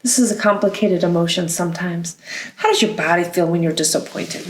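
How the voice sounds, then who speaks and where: A woman's voice: on the low side, a little fast, roomy sound, slight background noise. Cheerful woman teaching young children. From United States. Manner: warm, sing-song teacher talk with playful sounds. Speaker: songwriting teacher. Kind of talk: children's lesson, gentle and encouraging.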